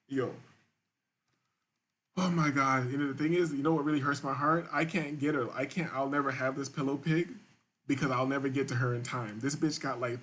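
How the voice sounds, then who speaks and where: A man's voice: medium pitch, fairly bright tone. A man hosting a live-stream show, reading viewer chats aloud and reacting in crude, rambling, repetitive casual talk.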